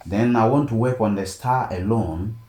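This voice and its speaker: A man teaching a design software tutorial step by step and often checking in with "okay?". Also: on the low side, normal speed. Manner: steady step-by-step explaining, frequent "okay?" check-ins. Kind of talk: screen-recorded tutorial narration. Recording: echoey room, faint background noise.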